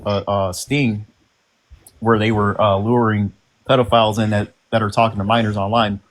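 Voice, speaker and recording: A man's voice: on the low side, little pitch movement, moderate pace, a little hiss or hum, low-quality recording. A man from Michigan chatting casually on a live stream, telling a story with hesitant fillers. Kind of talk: casual group live chat.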